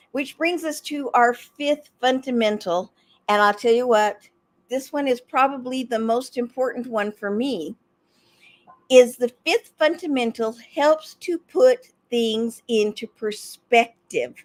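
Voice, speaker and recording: A middle-aged woman hosting a motivational talk show, animated and repeating her points for emphasis. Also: on the high side. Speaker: host, life coach.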